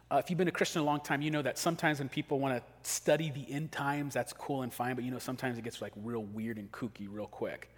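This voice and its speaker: A man preaching a sermon as pastor, talking casually and acting out quick everyday scenes. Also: medium pitch. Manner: conversational, acts out quick scenes. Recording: long hall reverb.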